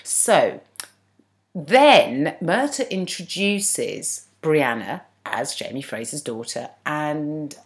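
A woman's voice: low-pitched, very animated, extremely slow. A woman co-hosting a podcast, recapping a TV episode in a chatty, digressive, wry way. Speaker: podcast co-host. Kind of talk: casual chat recapping a TV episode.

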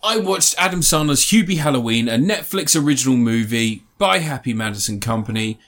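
Male podcast host, mid pitch, sarcastic and sweary, casual comedic chat. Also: expressive, fairly quick, fairly bright tone. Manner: sarcastic, sweary, mock-earnest.

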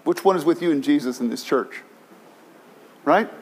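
A man's voice: on the high side, normal speed, slightly rough. A male pastor preaching a sermon, impassioned and repetitive, often restarting his phrases. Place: church in San Francisco.

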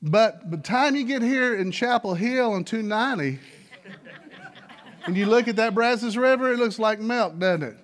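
High-voiced pastor preaching folksy. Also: male voice, expressive, normal speed, a bit bright. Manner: folksy storytelling with rhetorical questions to the congregation. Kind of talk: sermon. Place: church sanctuary.

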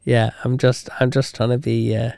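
A man co-hosts a casual chat podcast, his voice at an ordinary pitch and recorded close and dry. He laughs often and answers with dry, teasing remarks. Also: flat delivery, normal speed, gravelly, darkish tone, no echo. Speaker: podcast co-host.

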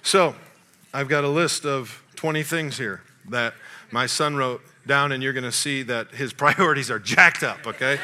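A middle-aged man, a pastor, preaching a sermon through a family story and acting out the dialogue. He swings between loud excitement and quiet asides. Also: mid-range voice, moderate pace, slight background noise.

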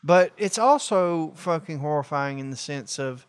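A man co-hosting a podcast, talking in a rambling, profane, animated way. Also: fairly high pitch, a little slow, clear, resonant tone, no echo. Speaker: podcast co-host. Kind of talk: casual chat.

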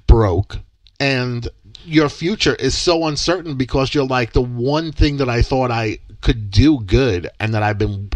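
A man's voice: medium pitch, a little slow, no echo. A young man and podcast co-host, telling a story in casual chat and acting out the quoted dialogue with lots of energy. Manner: animated, acts out quoted dialogue.

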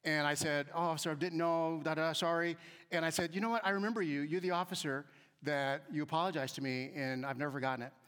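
A man giving a humorous storytelling talk to an audience, acting out the voices of people in his stories and swinging between quiet asides and loud emphasis. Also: a little high, fast. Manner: animated, acts out quoted voices, shifts between soft asides and loud emphasis. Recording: long hall reverb.

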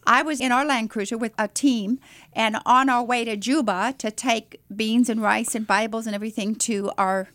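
A middle-aged woman missionary telling her story in an interview, animated and dramatic. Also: on the high side, normal speed, no echo.

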